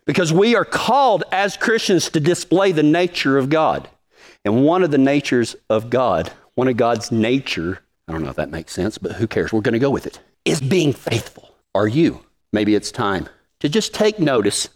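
Animated folksy preacher man. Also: normal speed. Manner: folksy, animated, joking with the congregation; swings from low and quiet to high and emphatic. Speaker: preacher of a cowboy ministry. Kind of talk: sermon.

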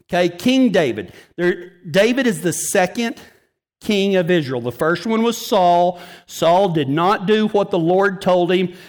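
A man's voice: high-pitched, animated, a little slow. A man preaching a sermon, telling folksy, joking stories and laughing at his own punchlines. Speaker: pastor. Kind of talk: storytelling sermon.

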